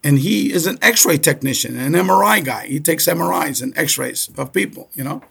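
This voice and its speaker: Middle-aged Cuban-born man, gravelly and husky, chatty storyteller who keeps asking "okay?". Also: a little high, normal speed. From Cuba. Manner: repeats "okay?" often, animated storyteller. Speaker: guest. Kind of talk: casual storytelling.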